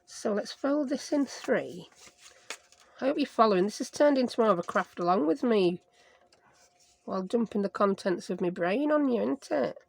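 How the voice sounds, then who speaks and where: A woman's voice: fairly high pitch, animated, normal speed, vocal fry. A woman with a Sheffield accent chatting her way through a craft project, rambling and joking at herself with playful made-up words. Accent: Sheffield English. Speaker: craft vlogger. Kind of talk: chatty craft-along narration.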